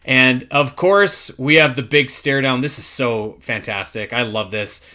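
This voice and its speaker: This young man co-hosts a casual podcast, and his voice is bright and punchy. He gushes with emphatic enthusiasm and often restarts his sentences as he goes. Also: medium pitch, lively intonation, normal speed, few pauses. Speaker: podcast co-host.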